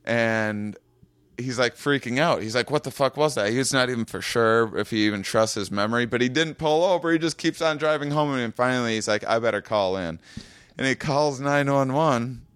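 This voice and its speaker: A man's voice: mid-range voice, normal speed, a bit bright, clear, resonant tone, no echo. A man telling a long story in casual chat, with lots of stammering restarts while he acts out what others said. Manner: rambling, stammering restarts, acts out quoted voices. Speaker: comedian guest. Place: small home room.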